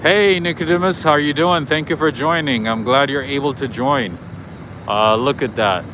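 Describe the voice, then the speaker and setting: A man's voice: mid-range voice, normal speed. A man hosting a casual walking livestream outdoors, rambling and chatting with his viewers in a self-deprecating way. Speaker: livestream host. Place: city streets outdoors. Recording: noisy outdoor street recording. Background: traffic and street noise.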